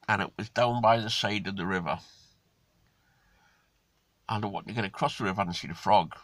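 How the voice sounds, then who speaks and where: A man's voice: lowish voice, fairly bright tone, no echo. A man giving a casual, ranting monologue, blunt and indignant. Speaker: vlogger.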